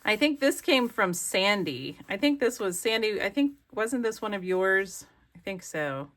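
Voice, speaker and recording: A woman's voice: mid-range voice, expressive, measured pace, a bit bright. A woman craft vlogger chatting casually as she flips through her pages, rambling and gushing over favorites. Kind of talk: casual flip-through commentary. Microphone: desk camera.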